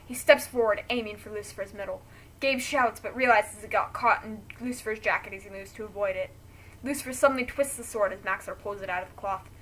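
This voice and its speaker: Bright-voiced woman reading a story aloud. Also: medium pitch. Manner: emotional, breaks off to react. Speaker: reader reacting to a friend's story.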